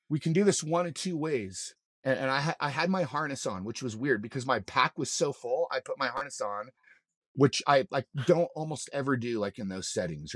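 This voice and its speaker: A man's voice: mid-range voice, no echo. Guy spinning a wild yarn, does all the voices, swears a lot, dead dry sound. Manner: animated, acts out quoted lines, swears freely. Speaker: mountain guide, podcast guest. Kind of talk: casual storytelling.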